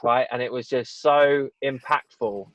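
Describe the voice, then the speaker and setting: A man's voice: medium pitch, measured pace, no echo. Earnest man telling a personal story. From England. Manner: earnest, rambling, full of "you know" and "right?". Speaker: podcast guest. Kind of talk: personal storytelling in a casual interview. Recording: dull, dry podcast audio.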